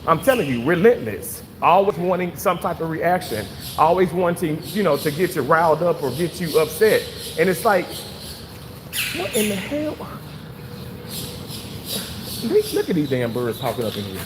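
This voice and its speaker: A man casually venting to his viewers, animated and swearing freely, repeating himself for emphasis. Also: on the high side, a little fast, hardly any pauses, in a large hall, background noise. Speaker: vlogger reading live chat.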